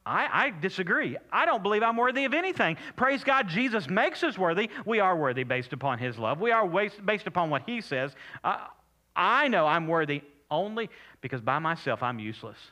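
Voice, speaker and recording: An older man preaches a sermon with a bright, clear edge to his voice, pitched a little high for a man. He reads scripture aloud and repeats words for emphasis. He swings between loud, high emphasis and soft, hushed asides. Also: very animated, a little fast. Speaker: pastor.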